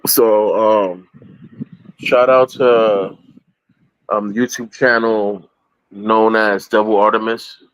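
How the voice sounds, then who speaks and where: A man's voice: on the low side, fairly even intonation, takes it slowly, pauses often, smooth, no room sound, low-quality recording. A man chatting casually as a podcast guest, rambling and repeating himself, with easy laughter as he talks. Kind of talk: casual chat.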